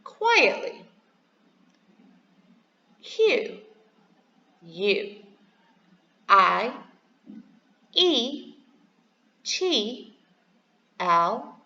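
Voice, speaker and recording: A woman teacher slowly giving a review lesson to young pupils, spelling each word letter by letter and asking them to repeat. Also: a little high, bright, forceful tone, dull audio. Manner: slow, clearly spelled out, letter by letter; encouraging, asks to repeat words. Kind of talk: recorded classroom review lesson. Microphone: computer microphone over slides.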